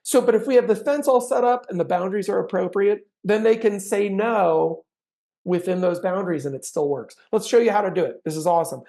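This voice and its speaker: A man giving an animated sales training talk, acting out client conversations with bursts of energy. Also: sits high, fairly quick, vocal fry. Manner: animated, acts out sales dialogues with big swings in energy.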